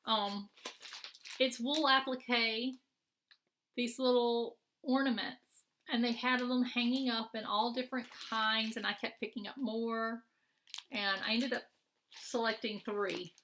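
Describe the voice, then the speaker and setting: A woman's voice: on the high side, fairly even intonation, measured pace, a bit bright, slight background noise. A middle-aged woman chatting casually as a craft vlogger, showing off her purchases in a rambling, friendly way with many fillers and restarts. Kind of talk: casual show-and-tell chat.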